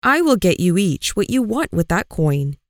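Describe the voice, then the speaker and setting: A woman voicing a wise old male sage in a storybook reading, speaking with calm authority. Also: on the low side, normal speed, no echo, studio quality. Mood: assured.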